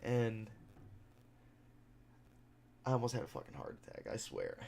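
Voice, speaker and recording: A young man hosting a podcast, telling a story in a casual, animated, profane way and acting out other people's lines. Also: on the low side, unhurried, gravelly, slight background noise. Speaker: podcast host; mixed martial arts fighter.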